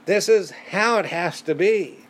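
A man's voice: sits high, unhurried. A man preaching a sermon in an emphatic, conversational way, repeating words for stress.

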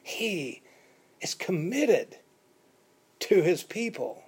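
A man preaching a sermon, switching between calm teaching and animated, dramatic quotes. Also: high-pitched, very slow, slightly rough. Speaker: pastor.

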